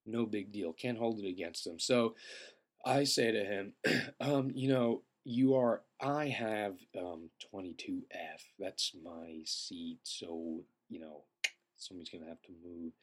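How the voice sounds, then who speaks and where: A young man who feels sick, telling a rambling, profane comedic story and often clearing his throat. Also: on the low side, takes it slowly. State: feeling sick. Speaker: podcast host.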